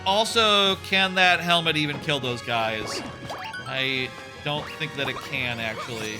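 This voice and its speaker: A man's voice: medium pitch, unhurried. A man streaming a platform game, chatting casually and candidly, swearing often and thinking aloud as he plays. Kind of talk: casual live-stream commentary while playing. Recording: music playing behind.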